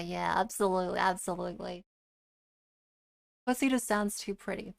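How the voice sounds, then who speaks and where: A woman's voice: mid-range voice, moderate pace, creaky, long pauses. A woman chatting casually with her live-stream viewers, swearing freely and laughing often.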